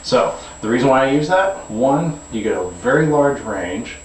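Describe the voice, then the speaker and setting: A man giving a guitar lesson, explaining in a relaxed way with frequent fillers and restarts. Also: medium pitch, moderate pace, slight background noise. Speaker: guitar teacher. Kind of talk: demonstration lesson. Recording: echoey room, camera mic from a distance.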